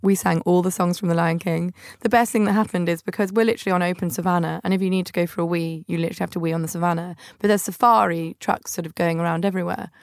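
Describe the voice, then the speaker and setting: A woman's voice: lowish voice, steady tone, fast talker, hardly any pauses, no room sound, clean studio sound. A young woman hosting a podcast, telling funny travel stories in a chatty, self-mocking way and putting on family members' voices. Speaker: podcast host. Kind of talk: casual storytelling monologue.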